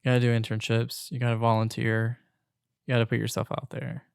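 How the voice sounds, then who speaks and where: Ranting young man, gravelly voice. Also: medium pitch, a little fast, dry recording, studio quality. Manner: animated storytelling, swings between loud outbursts and hushed asides. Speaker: podcast host. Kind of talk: casual ranting monologue.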